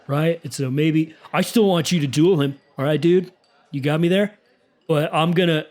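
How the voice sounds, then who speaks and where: Man playing a nervous young noble, stammering, slangy, slightly high. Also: darkish tone, natural voice. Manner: hesitant, stammering, laid-back slang. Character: nervous young male noble son, eager and unsure.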